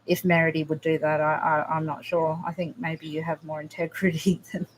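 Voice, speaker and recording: Woman on a livestream chatting with viewers, kinda low voice, soft and halting, lots of restarts. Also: level tone, a little hiss or hum. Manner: emotional, halting, soft-spoken with frequent restarts. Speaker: livestream host. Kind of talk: casual livestream chat reading comments.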